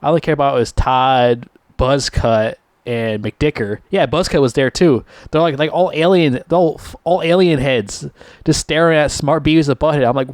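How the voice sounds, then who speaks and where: A man's voice: a little high, moderate pace, darkish tone, dry recording. A man giving a casual, profanity-laced rant reviewing a TV season, his voice jumping sharply upward when he gets annoyed. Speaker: TV show reviewer.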